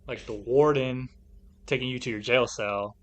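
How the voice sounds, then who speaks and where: A man co-hosting a podcast who chats casually and tells stories in an animated way, swearing often and leaning on fillers. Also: mid-range voice, normal speed. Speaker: podcast co-host. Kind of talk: casual chat.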